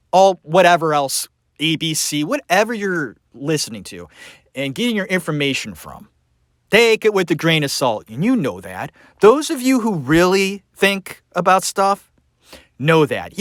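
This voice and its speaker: A man's voice: fairly high pitch, fairly bright tone, dry recording, studio quality. A man hosting a podcast, ranting sarcastically and emphatically in a solo opinion monologue. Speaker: podcast host.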